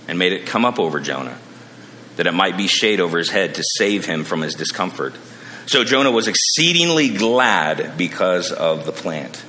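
A man's voice: lowish voice, slight background noise. Preaching man in an echoing hall. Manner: animated, acts out characters in quotes. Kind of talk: sermon. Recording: long reverb of a large hall.

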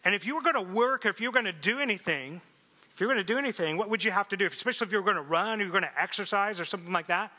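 A man preaching a sermon as pastor, lively, asking the congregation questions and laughing often. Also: high voice. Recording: echoey hall reverb.

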